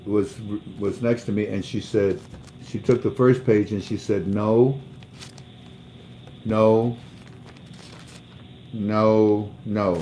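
Low-voiced man telling a personal story. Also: a little mellow, slight background noise. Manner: emotional storytelling, repeats words. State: under treatment for cancer. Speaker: livestream host. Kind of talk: casual livestream talk.

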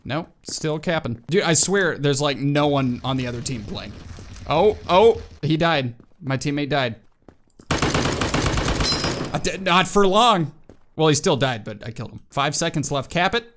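An excitable man talking through a first-person shooter, his pitch swinging widely as he yelps and exclaims. His voice sits a little high for a man. Gunshots and game effects crackle loudly under everything he says. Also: moderate pace. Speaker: gaming YouTuber. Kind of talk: casual let's-play commentary. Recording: loud game gunfire behind voice. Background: video game gunshots and effects.

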